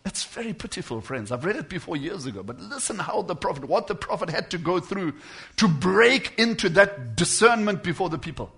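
This preacher's voice is high and creaky, with big swings in pitch. Addressing his congregation, he shifts from hushed to loud and stretches words out slowly for emphasis.

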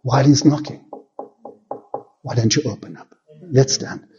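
A man preaching a sermon and leading prayer, fervent, rising into loud pleading peaks and dropping to hushed, quiet prayer. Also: medium pitch, normal speed, dull audio, background noise. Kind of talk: sermon with altar call and prayer.

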